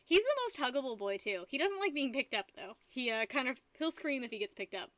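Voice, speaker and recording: A woman's voice: sits high, very animated, fairly quick, a bit bright, no room sound. A young woman hosting a live stream from home, chatting loosely and giggling while she paints. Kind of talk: casual chat while painting.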